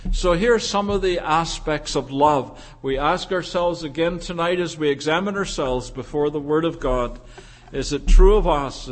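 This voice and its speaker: High-voiced man preaching earnestly. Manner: earnest, measured preaching with repeated phrases. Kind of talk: sermon.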